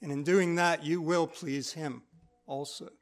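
Man, high-pitched voice, preacher, sermon in church, reads verses then explains them plainly. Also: fairly even intonation, unhurried. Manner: reads scripture aloud and explains it in plain, conversational teaching.

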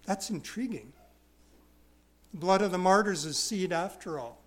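High-voiced emphatic male preacher. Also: a little fast. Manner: emphatic, repeats key words, self-deprecating asides; wide swings from loud stresses to quiet asides. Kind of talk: expository sermon.

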